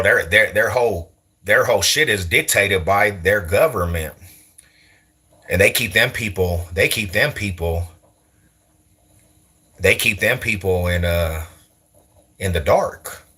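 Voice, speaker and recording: Husky-voiced Denver man, slangy and tense. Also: sits low, bright, forceful tone. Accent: East Side Denver street accent. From East Side Denver, Colorado. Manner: slangy, repetitive, laughs a lot between remarks. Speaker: YouTuber. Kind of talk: casual livestream chat answering comments.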